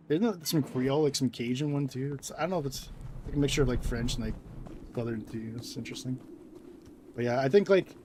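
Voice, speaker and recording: A young man giving rambling casual commentary over a game, full of fillers and quick laughs. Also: medium pitch, darkish tone, slight background noise. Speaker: gaming video creator.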